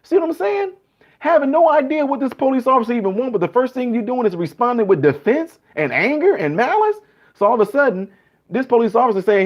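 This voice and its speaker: A man talking casually as a host, animated and telling stories, acting out the people he quotes. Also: very high-pitched, quick pace. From Chicago. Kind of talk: casual monologue.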